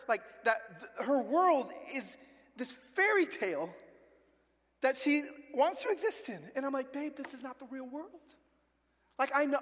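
A man in his forties preaching a sermon as pastor, telling family stories with lively acted-out voices. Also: high voice. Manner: animated storytelling, acting out family voices. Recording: long reverb of a large hall.

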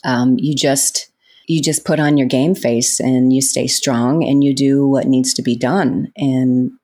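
This actress speaks with an extremely low voice at a measured pace. Appearing as an interview guest, she spins casual stories full of laughter, performing the quotes of the people involved.

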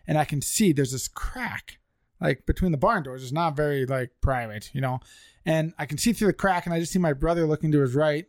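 A man's voice: on the high side, a little fast, no echo, studio quality. A man co-hosting a podcast, telling a funny story in casual chat with friends and laughing as he goes. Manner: animated, laughs while telling stories. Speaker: podcast co-host.

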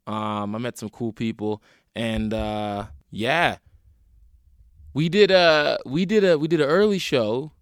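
Taking things slowly in a smooth, medium-pitched voice, this stand-up comedian and podcast host tells animated, wry anecdotes laced with swearing, acting out the voices of people he met on his casual solo show. The studio-quality recording has no room sound.

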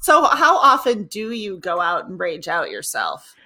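Bright, lively woman co-host. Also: medium pitch. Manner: chatty, quick to laugh and react. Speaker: podcast co-host. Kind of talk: casual chat.

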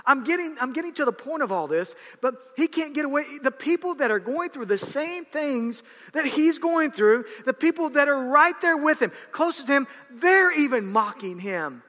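A man preaching a sermon, animated and dramatic, often repeating words as he acts out scenes, in a church hall with long reverb. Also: extremely high pitch, moderate pace, hardly any pauses.

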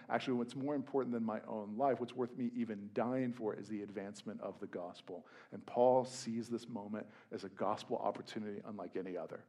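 Casting: young adult male pastor, chatty animated sermon delivery with jokey asides, mid-pitched voice.

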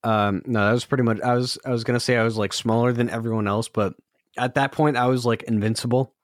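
A man's voice: mid-range voice, fairly even intonation, fast talker, dry recording. A young man co-hosting a podcast, chatting easily with dry, teasing remarks. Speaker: podcast co-host. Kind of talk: casual chat.

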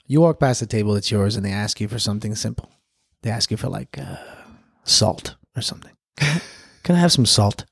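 A man with a fairly low voice, some vocal fry, and a breathy edge speaks at a moderate pace. As co-host of a casual podcast, he tells animated stories from his server job and laughs often, captured in a dry, clean studio recording.

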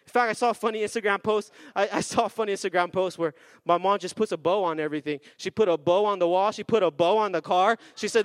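A man preaching a sermon as pastor, energetic with call-and-response and slowing down for emphasis. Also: high-pitched, smooth, no echo. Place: church sanctuary.

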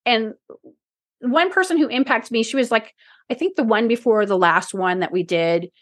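A woman's voice: a little high, normal speed, no room sound. A woman co-hosting a casual podcast, talking in a rambling, emotional way with many restarts, her voice teary and close to crying. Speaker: podcast co-host.

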